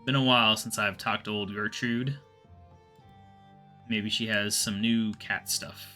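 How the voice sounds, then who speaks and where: A man giving relaxed, rambling commentary while playing a game, often muttering to himself. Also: lowish voice, a little slow, faint music behind. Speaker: gaming video host. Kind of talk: casual gameplay commentary.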